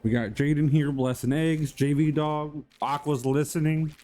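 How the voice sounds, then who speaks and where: A man hosts a live stream, chatting casually with his viewers in a loose, goofy, rambling way. His voice sits a little higher than most men's. Quiet music hums faintly in the background. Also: steady tone, moderate pace. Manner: rambling and goofy, greets chat by name.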